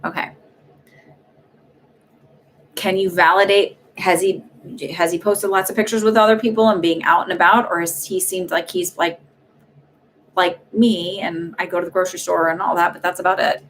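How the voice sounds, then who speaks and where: A woman's voice: fairly low pitch, steady tone, normal speed, pauses often, a bit bright, a little hiss or hum. A woman hosting live psychic readings, talking in a chatty way with many fillers and restarts. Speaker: psychic medium host.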